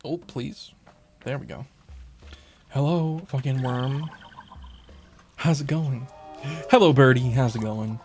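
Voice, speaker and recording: A man's voice: mid-range voice, slow pace, long pauses, darkish tone. A man streaming a game, chatting casually, swearing a lot and talking to the characters on screen, with faint game music behind. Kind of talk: casual gameplay commentary.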